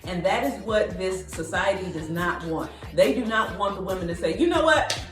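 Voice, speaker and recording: A woman's voice: on the low side, moderate pace, reverberant, far from the mic, over music, rough recording. A woman hosting a podcast, delivering a preachy, rallying monologue to her listeners and sometimes breaking into song. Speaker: podcast host.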